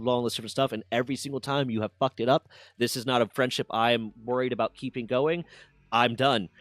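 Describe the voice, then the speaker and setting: A man's voice: mid-range voice, no room sound. A man streaming, casually telling a personal story with candid swearing and mock voices for others.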